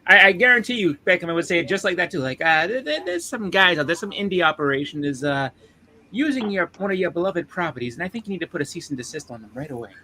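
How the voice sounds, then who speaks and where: A man with a slightly high voice talks quickly and brightly on a comic book podcast. He laughs a lot and repeats words as he rushes through his stories. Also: very animated, a little hiss or hum. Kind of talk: casual chat.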